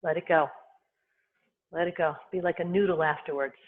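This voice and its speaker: Qigong instructor, calm short cues, tinny phone-like sound. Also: mid-range voice. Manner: calm, unhurried cueing in short phrases. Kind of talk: guided movement and breathing instruction.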